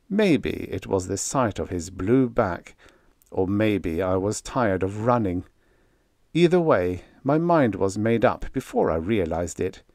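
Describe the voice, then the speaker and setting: Low-voiced man narrating a wry tale. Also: a little mellow, no room sound, clean studio sound. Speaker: audiobook narrator. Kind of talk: first-person story narration.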